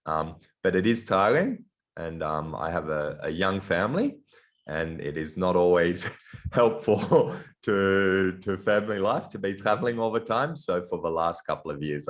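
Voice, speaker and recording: A middle-aged man with a mixed Australian and European accent, giving an online lecture in a halting way, with many ums and restarts, over a video call. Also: very deep voice, fairly bright tone. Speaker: guest lecturer. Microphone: computer mic on a video call.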